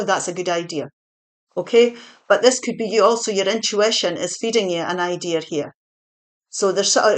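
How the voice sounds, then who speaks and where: Woman, tarot reader chatty, reassuring, mid-pitched, breaks off to fix her slips. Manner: chatty, reassuring, self-correcting. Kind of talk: spoken tarot reading.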